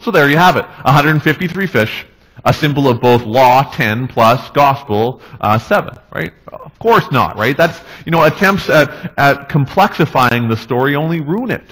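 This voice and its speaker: A male pastor preaching a sermon in a relaxed, conversational way, often checking in with the congregation. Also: mid-range voice, normal speed, low-quality recording. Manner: conversational, tag questions, restarts. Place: church.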